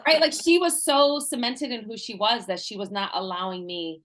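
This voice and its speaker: A woman's voice: on the high side, expressive, normal speed, fairly bright tone. A woman in her forties, a guest coach, telling personal stories in a casual interview, laughing often and acting out the voices of people she quotes. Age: 40s.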